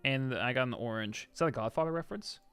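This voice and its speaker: A man chatting casually on a live stream, reading viewer comments and swinging between loud excited outbursts and soft asides. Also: medium pitch, fast talker, clear, resonant tone, soft background music.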